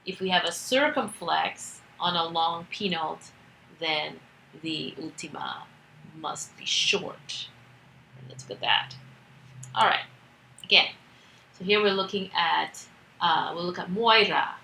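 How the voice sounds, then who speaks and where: A woman's voice: lowish voice, slow, vocal fry, long pauses, pushed and bright, echoey room, slight background noise, poor audio. A woman teaching a recorded grammar lesson, explaining step by step with patience and the odd filler. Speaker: Greek teacher.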